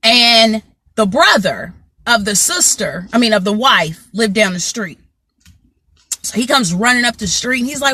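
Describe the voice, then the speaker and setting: A woman's voice: a little high, lively intonation, measured pace, bright, forceful tone, husky, no room sound. A woman telling a story to her viewers in casual chat, often asking "you know what I'm saying" and greeting people by name. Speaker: motivational vlogger.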